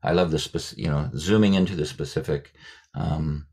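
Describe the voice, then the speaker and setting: A man, a poet and writing teacher, leading a workshop on a video call, speaking thoughtfully with many fillers and restarts and demonstrating sounds slowly. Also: extremely low pitch, a little mellow. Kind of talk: guest talk leading a workshop.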